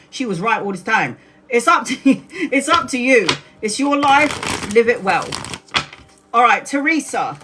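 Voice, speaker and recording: A woman's voice: mid-range voice, fairly bright tone, a little hiss or hum. A woman in her forties from Brazil, a tarot reader talking bluntly and chattily on a live stream, swearing casually and acting out quotes. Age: 40s.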